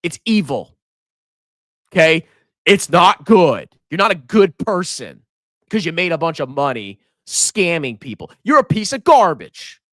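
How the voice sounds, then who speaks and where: Animated ranting man on a livestream. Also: a little high, measured pace, no echo, studio quality. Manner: animated, ranting, mocking, swings between loud outbursts and muttering. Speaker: finance livestream host. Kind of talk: livestream rant and stock commentary.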